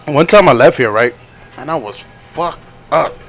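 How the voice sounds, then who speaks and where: With faint music in the background, a young male podcast co-host talks a little slowly in a fairly bright, animated voice on the high side. His stories ramble in a casual way, full of laughter and quotes acted out in other voices.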